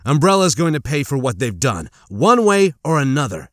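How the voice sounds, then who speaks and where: A man's voice: mid-range voice, very animated, normal speed, a bit bright, no room sound, clean studio sound. A man voicing a determined young woman, a former police officer, speaking firmly and matter-of-factly in an audiobook.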